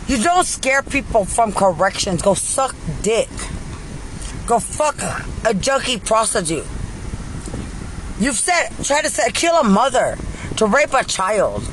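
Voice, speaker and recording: A woman, a mother, delivering an angry, profane rant that keeps circling back to the same accusations and often breaks into shouting. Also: a little high, noisy background. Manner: furious, accusing, repetitive, swings into shouting.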